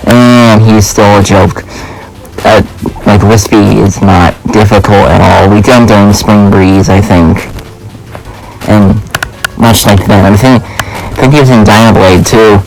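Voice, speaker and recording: Creaky-voiced young male gamer. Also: lowish voice, poor audio. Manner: rambling, full of uh and like, self-deprecating. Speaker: let's play host. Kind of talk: casual gameplay commentary.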